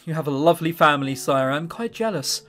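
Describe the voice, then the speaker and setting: Man voicing a courteous nobleman, gentle polite delivery, fairly high voice, faint music. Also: expressive, fast.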